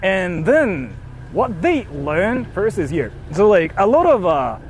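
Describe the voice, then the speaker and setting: A man's voice: high-pitched, very animated, slow pace, a little hiss or hum. A young man chatting casually on a stream from a car, reading donations, playful and sweary.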